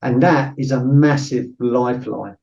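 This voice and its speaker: A man's voice: mid-range voice, a little slow, gravelly, warm tone. A middle-aged man, a former soldier telling a story as a podcast guest, blunt and swearing freely, full of "you know" fillers. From Britain. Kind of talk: casual storytelling interview. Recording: roomy, distant, dull-sounding mic.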